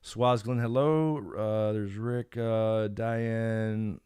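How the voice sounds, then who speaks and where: Male streamer, low-ish smooth voice, rambling casual delivery, dry close sound. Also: moderate pace, no echo. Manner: rambling, reads chat names aloud, frequent fillers. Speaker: YouTube channel host. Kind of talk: casual live stream Q&A chat. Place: home.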